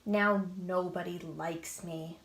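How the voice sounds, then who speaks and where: Storybook caper man, lonely and sorry, low and slow; a woman reader puts it on. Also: fairly even intonation, gravelly, fairly bright tone, echoey room, exaggerated voice. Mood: glum. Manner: glum and apologetic.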